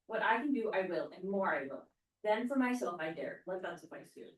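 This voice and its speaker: A woman student reading a troubled young noblewoman's lines aloud in class, halting over the old verse. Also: medium pitch, lively intonation, lightly acted. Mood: pleading. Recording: roomy classroom, mic far off.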